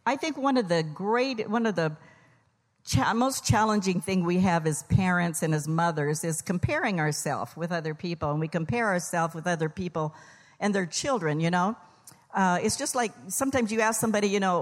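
A woman's voice: lowish voice, normal speed, in a large hall. An older woman, a pastor's wife's mother, giving a humorous Mother's Day sermon in church, telling jokes and stories in quoted voices. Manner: folksy, joking, storytelling with quoted voices. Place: church sanctuary.

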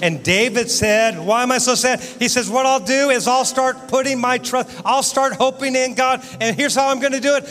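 Guy preaching in church, gets loud then drops to a soft prayer, faint guitar playing underneath. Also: high voice, a little slow. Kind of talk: sermon with prayer. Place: church sanctuary. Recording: church hall reverb with guitar music.

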